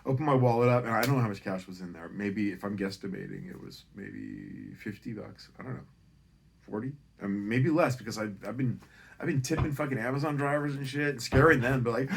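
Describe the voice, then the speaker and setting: His voice is medium-pitched, gravelly, and a little breathy, and he talks a bit fast. This man, in his fifties and from Northern California, tells a rambling, profane personal story, animatedly punctuating it with "right?"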